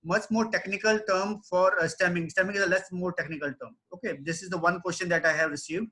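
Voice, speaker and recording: Man, webinar lecturer, high voice, bright tone, explains step by step. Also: steady tone, fast. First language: not English. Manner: explanatory, frequent tag questions. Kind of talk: online technical lecture.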